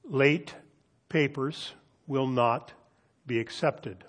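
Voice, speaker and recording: A man preaching from the pulpit, his voice set at an ordinary middle pitch. He reads scripture in a slow, deliberate way, with long pauses that let each phrase settle. When he turns to storytelling he grows more animated. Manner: measured, deliberate reading with dramatic pauses; animated storytelling, lifting his voice for quoted students. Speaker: pastor. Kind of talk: sermon.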